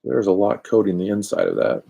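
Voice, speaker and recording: This man's gravelly, mellow voice is on the low side, swings hugely in pitch and runs a little fast. He rambles and chats on a craft live stream from a cold garage, teasing himself, recorded by a laptop's built-in mic.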